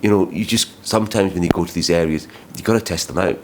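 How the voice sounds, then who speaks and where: A man's voice: low voice, quick pace, background noise. A man vlogging about his travels, talking in a rambling, heated way with plenty of swearing and restarts. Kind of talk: vlog storytelling.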